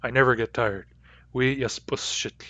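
A man teaching a language lesson, repeating each example word slowly and carefully. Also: mid-range voice, steady tone, a bit bright, no room sound. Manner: slow, careful repetition of example words.

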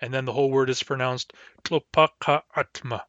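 A man teaching a language lesson, explaining the grammar patiently and step by step and slowing down to sound out each word. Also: medium pitch, steady tone, a bit bright, no echo, dull audio. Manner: patient, explains step by step, slows down to model words.

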